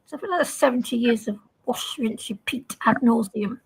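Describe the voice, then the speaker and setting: A woman's voice: a little high, brisk, gravelly, breathy edge. A woman chatting casually on a stream, blunt and insistent. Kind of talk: casual chat.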